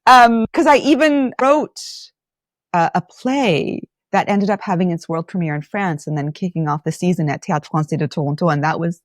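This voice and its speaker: A middle-aged woman from Lebanon tells stories from her acting career as a podcast guest. Her voice sits a little low, and she slips into quoted voices as she goes. The sound is dry and close. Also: normal speed, dry recording. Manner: animated storyteller, acts out quotes. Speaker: actor and playwright guest. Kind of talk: podcast interview.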